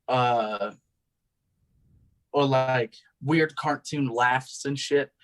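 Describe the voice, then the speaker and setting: A man's voice: mid-range voice, extremely slow, rough recording. A man being interviewed as a guest, talking loosely, laughing often and swearing casually. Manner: giggly, loose, swears a lot.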